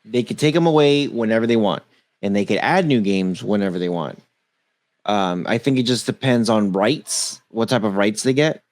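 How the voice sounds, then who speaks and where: A man co-hosting a casual tech podcast, reading quickly through a long list and tripping over names. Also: on the low side, animated. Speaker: podcast co-host.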